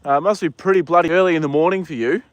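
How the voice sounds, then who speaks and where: A man with an Australian accent, livestreaming from a paddock on his phone, chatting casually with viewers and talking gently to the horses. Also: a little high, very fast, no echo, highs cut off. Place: outdoor paddock.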